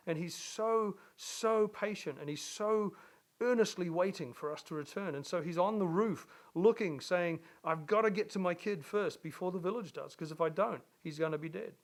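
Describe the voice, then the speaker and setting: Earnest male preacher, higher voice. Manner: earnest storytelling with frequent restarts. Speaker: pastor. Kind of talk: sermon.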